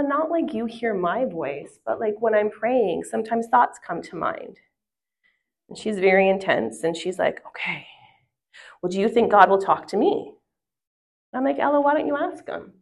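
A woman gives a church teaching talk to a live group. She is conversational and easygoing, puts questions to the listeners and waits for their answers. Her voice sits at an ordinary middle pitch. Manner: conversational, asks the audience questions. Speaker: women's ministry speaker. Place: church hall with a live audience.

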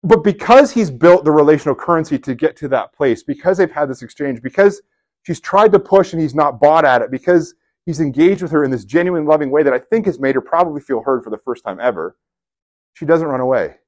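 A man giving a sermon in a conversational, animated storytelling way, with casual asides to his listeners. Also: fairly high pitch, brisk. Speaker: preacher.

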